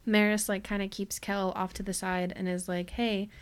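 A woman's voice: mid-range voice, normal speed, smooth. A woman co-hosting a casual book chat, animatedly retelling a plot and acting out the characters' lines. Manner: animated retelling with many "like" fillers, acts out characters. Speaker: podcast co-host.

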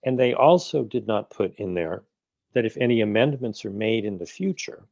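A man in his sixties talks as an activist guest, driving his points home emphatically and throwing in rhetorical questions. His voice is mellow and warm. The audio is dry and slightly dull, like a lo-fi remote connection. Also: fairly low pitch, lively intonation, moderate pace, gravelly, no echo. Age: 60s. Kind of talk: interview conversation.

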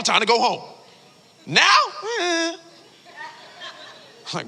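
A male pastor preaching a sermon in a church, telling stories in casual slang with animated delivery. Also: very high-pitched, a little slow, vocal fry, pauses often. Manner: animated storytelling, casual slang, frequent "like" fillers. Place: church sanctuary. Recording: long hall reverb.

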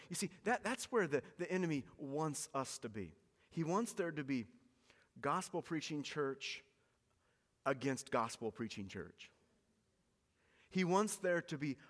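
A man's voice: a little high, fairly bright tone, long reverb tail. A man preaching a sermon as pastor, earnest and pleading, often repeating words for emphasis.

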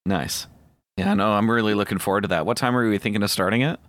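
A man's voice: lowish voice, quick pace, fairly bright tone, no room sound. A man co-hosting a casual prank-call podcast, joking and rambling. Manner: joking, rambling, puts on silly voices. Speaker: podcast co-host.

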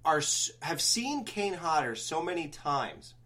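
A man hosting a podcast, telling a long story in casual chat, rambling and animated with many restarts. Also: on the high side, measured pace. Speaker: podcast host.

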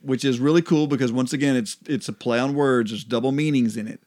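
A man co-hosting a casual Bible study chat, relaxed and laughing often as he explains. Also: mid-range voice, fast. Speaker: co-host.

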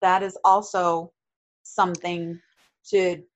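A woman's voice: lowish voice, flat delivery, slow pace, dull audio. A woman in casual conversation, telling stories with filler likes. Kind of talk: casual chat.

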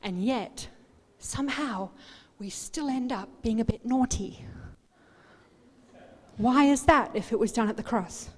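A woman pastor preaching a sermon, swinging from quiet asides to loud, animated outbursts. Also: a little high, a little slow. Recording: long hall reverb.

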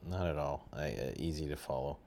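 A man from North America hosts a casual podcast chat in a very deep voice. He talks freely, often restarts his sentences and laughs easily along the way. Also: brisk, a little mellow. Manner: chatty, frequent restarts and laughter. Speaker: podcast host.

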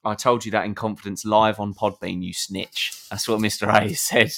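A man's voice: on the low side, fairly even intonation, moderate pace, pushed and bright. A British man co-hosting a live podcast in loose, sweary banter, laughing often and joking with his co-host. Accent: British English. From Britain.

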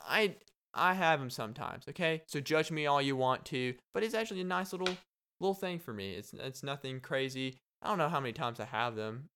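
Young male podcast host, casual solo chat, smooth voice, animated and rambling. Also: medium pitch, a little fast.

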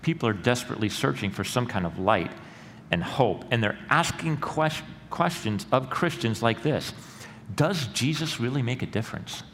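A middle-aged male pastor preaching a sermon in a church, earnest and rising to loud emphatic peaks. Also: medium pitch, lively intonation, moderate pace. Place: church sanctuary. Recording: long hall reverb with faint room noise.

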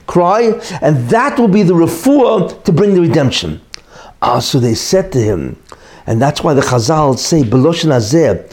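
A man's voice: high voice, darkish tone. A middle-aged man teaching a Torah lesson, emphatic and repetitive, posing rhetorical questions and then answering them. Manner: repeats key points for emphasis. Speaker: religious teacher.

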